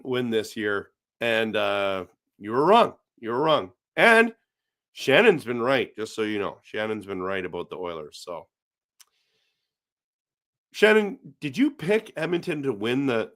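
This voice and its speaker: A man's voice: mid-range voice, fairly bright tone. A middle-aged man from Canada hosting a casual hockey live stream, reading viewer comments aloud and answering them in a chatty way.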